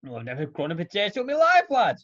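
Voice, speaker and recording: A folksy, easygoing allotment gardener, played by a man, rambling in a lively, sing-song voice. He stammers and trails off, and the sound is dull and lo-fi. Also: sits high, fast, heavily acted. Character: scruffy older allotment gardener, chatty and easygoing. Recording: dull lo-fi recording.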